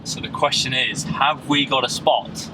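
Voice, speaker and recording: A man's voice: medium pitch, fairly even intonation, measured pace. A British man chatting casually to camera for his van life travel vlog. He is slangy and sweary and talks straight to his viewers from inside his camper van while driving. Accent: British English. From United Kingdom. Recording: clear road and vehicle noise behind the voice.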